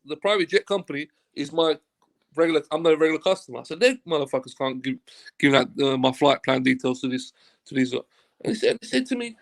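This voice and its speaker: A man's voice: medium pitch, moderate pace, vocal fry. A man, a football agent, telling a casual anecdote as an interview guest, acting out dialogue and swearing freely. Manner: animated storyteller who acts out quoted dialogue and swears freely.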